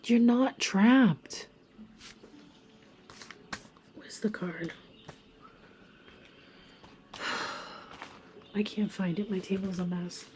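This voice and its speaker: A woman giving a casual pick-a-card tarot reading, chatty and emphatic, talking straight to her viewers and sometimes dropping to a soft whisper for emphasis. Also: fairly low pitch, steady tone, takes it slowly, pauses often, slight background noise. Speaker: tarot reader.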